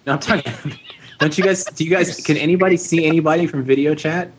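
A man's voice: fairly high pitch, steady tone, a little hiss or hum. A man co-hosting a casual podcast chat, laughing often and restarting his sentences. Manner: laughs a lot, halting and restarting. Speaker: podcast co-host.

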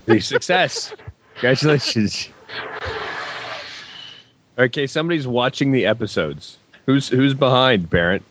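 A man trades wisecracks on a podcast and pokes fun at himself. His mid-pitched voice is animated, rising and falling a lot. Faint noise sits behind him. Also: unhurried, pauses often. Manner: wisecracking, self-mocking. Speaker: podcast co-host. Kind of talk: casual chat.

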